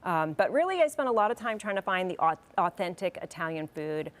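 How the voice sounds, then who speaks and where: A woman's voice: lowish voice, sing-song, brisk. A woman being interviewed as a guest in a studio, friendly and plain-spoken, laughing now and then. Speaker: festival organizer guest.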